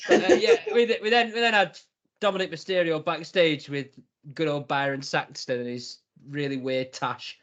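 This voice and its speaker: Bright-voiced man chatting. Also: fairly high pitch, normal speed, highs cut off. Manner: animated, laughs often, acts out quotes. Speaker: wrestling podcast co-host. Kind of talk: casual review chat.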